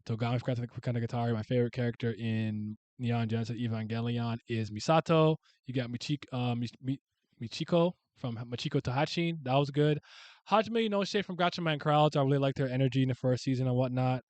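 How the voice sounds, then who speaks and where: A young man casually rambling through a ranked list of characters, swearing freely and breaking into sudden loud shouts. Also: medium pitch, fast, dry recording. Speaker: streamer ranking favorite comic and anime characters. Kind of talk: casual unscripted commentary.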